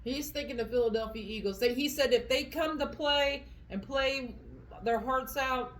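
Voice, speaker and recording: A woman's voice: high voice, normal speed, a bit bright, poor audio. A woman hosting a casual eating vlog, chatting in a rambling way with fillers while she eats at home. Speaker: vlog host. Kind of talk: casual chat at the dinner table.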